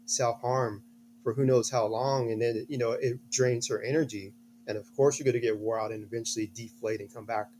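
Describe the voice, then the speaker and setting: Middle-aged guy, kinda hoarse voice, earnest storyteller, ordinary pitch, restarts a lot. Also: darkish tone, slight background noise. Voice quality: slightly hoarse. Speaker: guest, a father. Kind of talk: interview storytelling.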